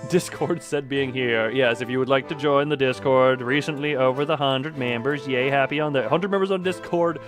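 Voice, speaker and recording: A man streaming live, chatting casually while gaming, excitable and rambling with mild swearing and frequent laughs. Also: mid-range voice, normal speed, hardly any pauses, music in the background.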